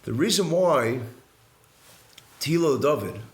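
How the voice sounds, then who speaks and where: A man's voice: a little high, expressive, unhurried. A man, a rabbi, teaching a live class in an indoor room, explaining earnestly and emphatically and repeating key phrases. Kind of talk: religious study lecture to a live class. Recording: echoey room.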